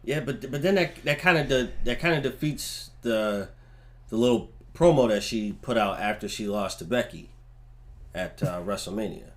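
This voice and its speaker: Low-voiced laid-back co-host. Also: male voice, moderate pace, slight background noise. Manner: laid-back, hesitant, filler-heavy. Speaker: wrestling review co-host. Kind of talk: casual chat.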